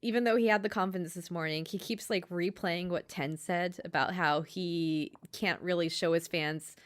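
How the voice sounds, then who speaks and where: Relaxed woman podcaster, hesitant recap. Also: on the low side, moderate pace. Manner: relaxed, hesitant with many fillers. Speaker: podcast co-host. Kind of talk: casual chat recapping an anime episode.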